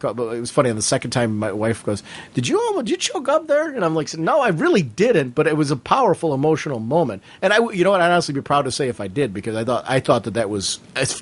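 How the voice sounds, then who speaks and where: A man co-hosting a casual fan podcast, talking at length in an earnest, emphatic way. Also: mid-range voice. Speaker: podcast co-host.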